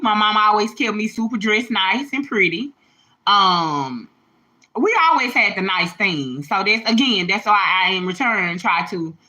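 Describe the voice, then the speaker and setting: A woman, hosting a livestream and telling stories in an animated way, laughing, swearing and calling her viewers y'all and baby. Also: medium pitch, poor audio. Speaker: livestream host. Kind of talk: casual storytelling to viewers. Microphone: phone or webcam livestream.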